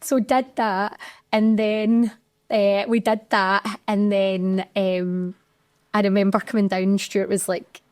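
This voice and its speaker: Slowly and in a level tone, a young adult woman with a Scottish accent opens up on her podcast about an emotional experience at work. The medium-pitched, darkish voice is studio quality with no echo.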